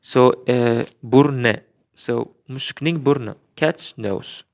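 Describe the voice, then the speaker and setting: A man explaining grammar in a recorded lesson, careful and patient, often pausing with fillers and restarting his sentences. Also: medium pitch, fairly bright tone, clear, resonant tone. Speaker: language teacher.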